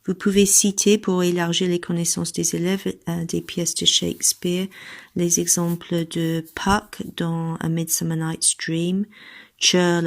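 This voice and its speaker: A woman giving lesson guidance to teachers, moving between instructions and read-aloud English model answers. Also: on the low side. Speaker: teacher trainer.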